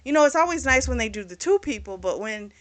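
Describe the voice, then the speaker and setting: A woman hosting a book club channel, casually retelling a novel's plot with fillers and quick little acted-out lines. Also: fairly high pitch, lively intonation. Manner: chatty and informal, retells scenes by briefly acting out the characters' lines; mild swearing, frequent fillers.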